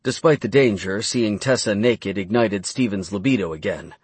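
A man narrating an audiobook in an even, steady reading. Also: lowish voice, moderate pace, slightly rough, dry recording.

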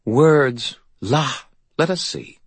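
A man's voice: mid-range voice, animated, extremely slow, husky, no echo, voice pushed up, full character voice. A haughty, ageless fairy godmother , as a man puts her on, arch and commanding in a storybook reading. The voice sits well above a man's usual range and sounds a touch distant, fussing grandly over every detail. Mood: appraising. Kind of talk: audiobook character voice.

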